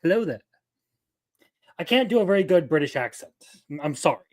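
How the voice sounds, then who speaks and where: A man hosting a casual livestream, chatting with viewers and swearing loudly between laughs. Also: on the high side, sing-song, quick pace. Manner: profane, loud outbursts and laughter. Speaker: livestream host.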